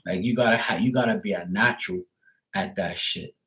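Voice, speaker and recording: A Bermudian man with a low-set voice talks loosely on a live stream. He rambles through his thoughts, leaning on "like" and dropping casual swears. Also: a little fast, pushed and bright, low-quality recording. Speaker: tarot reader, live streamer.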